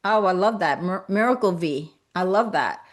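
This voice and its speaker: Gentle woman repeating soothing affirmations. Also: on the low side, animated, normal speed. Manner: greets viewers and reads comments aloud. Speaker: spiritual coach and livestream host. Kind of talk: live-streamed motivational talk.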